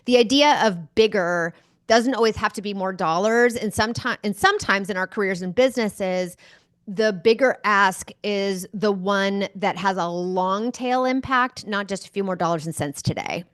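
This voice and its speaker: An enthusiastic woman tells stories as a guest in a conversational interview. Her voice sits at a middle pitch and sounds dry, with little room around it. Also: normal speed, no room sound. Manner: enthusiastic, animated storyteller. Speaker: guest speaker.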